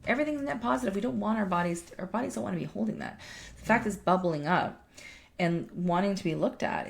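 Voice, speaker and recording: Gravelly-voiced woman coach talking casually. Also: mid-range voice, animated, quick pace. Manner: emphatic, swears freely, restarts sentences. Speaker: life coach and podcast co-host. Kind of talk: casual chat.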